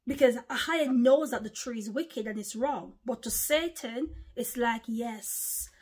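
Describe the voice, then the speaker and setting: A woman's voice: on the high side, moderate pace, slightly rough. A woman, preaching an informal online sermon in an impassioned, repetitive, emphatic way. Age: 40s.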